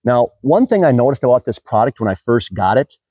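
A man's voice: mid-range voice, big pitch swings, brisk, mellow, husky, dry recording. An American man talking casually in a product review vlog, chatty and rambling with frequent fillers. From United States. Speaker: car detailing YouTuber.

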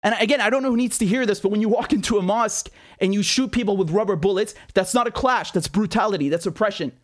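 A man's voice: high voice, fast. A man giving an angry political monologue, indignant and heated, firing rhetorical questions and repeating himself. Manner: swears and repeats words when worked up. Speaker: political commentator.

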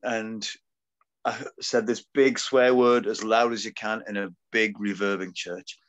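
A man's voice: fairly low pitch, unhurried, lo-fi sound. A British man, a guest musician, chatting casually and telling funny stories with frequent laughs. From Britain. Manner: jokey, animated storyteller who laughs often. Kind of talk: casual chat.

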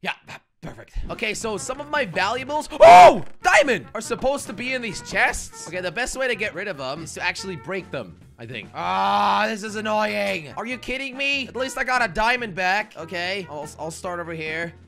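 A man hosting a game video, excitable commentary with sudden shouts and big swings. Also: sits high, normal speed, vocal fry, few pauses, faint music behind. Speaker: gaming video host.

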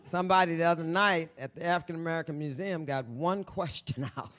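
A woman in her sixties, an author guest on stage at a live book event, talking to the audience in a brash, profane, stand-up style, swinging from shouts to hushed near-whispers. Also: sits low, fairly even intonation, fairly quick. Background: faint audience murmur and laughter.

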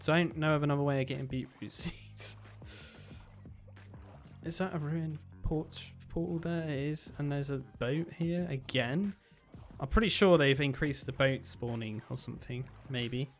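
Man, slightly high voice, running let's-play commentary, chatty and excitable, faint music behind. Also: unhurried. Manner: chatty, thinking aloud, excitable bursts. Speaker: gaming video creator.

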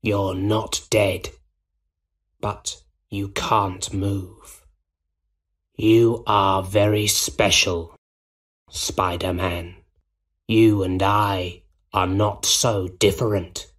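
A man reading a storybook, voicing a gloating male goblin villain in a slow, low, breathy menace. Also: little pitch movement, fairly bright tone, full character voice. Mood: menacing.

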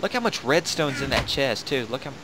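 A man's voice: mid-range voice, sing-song, fairly quick, background noise. A young man hosting a gaming video, rambling and joking in casual commentary while laughing at himself.

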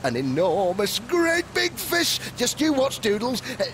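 A man playing a cheerful grown-up on a fishing trip in a children's show, reading a story aloud in a gentle, sing-song way. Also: very high-pitched, wildly swooping pitch, unhurried, a little hiss or hum, heavily acted.

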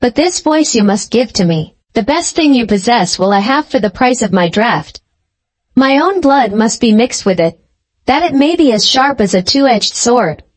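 Woman reading a scheming old sea witch from a storybook: cold, deliberate, mocking. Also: fairly high pitch, animated.

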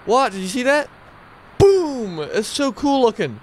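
A man hosting a casual game let's-play, excitable and playful, often bursting into high yelps. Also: unhurried, slight background noise. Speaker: gameplay channel host.

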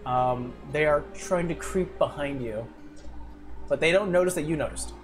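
A game master narrating a tabletop fantasy game in a casual, halting way. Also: mid-range voice, soft background music.

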